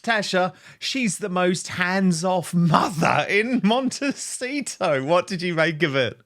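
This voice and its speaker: A man's voice: high voice, animated, slow pace, fairly bright tone. A man hosting an opinionated commentary show, who speaks with mocking emphasis. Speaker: host.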